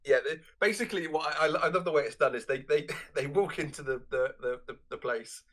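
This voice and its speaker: Halting man recalling film details. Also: a little high, fairly bright tone. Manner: halting, repeats words, chuckles while recalling details. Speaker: podcast co-host. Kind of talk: casual film review chat.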